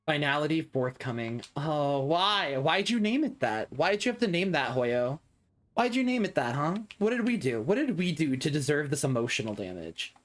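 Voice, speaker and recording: A man's voice: a little high, very animated, normal speed. A young man streaming a video game live, reacting with dramatic, whiny, self-mocking commentary.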